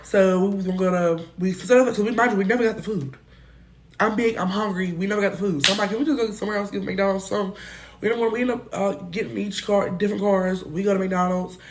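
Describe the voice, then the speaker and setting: A young woman spinning a casual storytime in a mid-pitched voice. She talks in animated, slangy bursts and swears freely. Loud outbursts alternate with low, muttered asides. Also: fast, slight background noise. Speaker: storytime vlogger.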